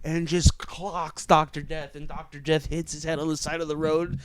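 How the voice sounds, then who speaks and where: A young man telling a comedy story in casual podcast chat, acting out shouted quotes with lots of energy. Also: fairly high pitch, normal speed, crowd noise. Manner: animated, acts out shouted quotes. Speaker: comedian and show organizer.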